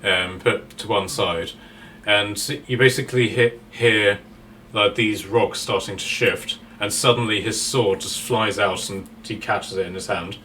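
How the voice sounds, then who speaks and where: A man's voice: lowish voice, steady tone, unhurried, pushed and bright, distant mic, slight background noise. A man narrating a tabletop game as game master, rambling with many fillers and restarts.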